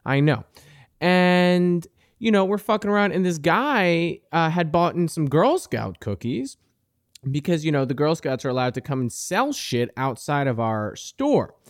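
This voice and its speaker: A man's voice: on the high side, big pitch swings, unhurried, no echo, clean studio sound. A young man hosting a podcast, telling a profane comic story, crude and indignant. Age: young adult. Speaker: podcast host. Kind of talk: comedic storytelling monologue.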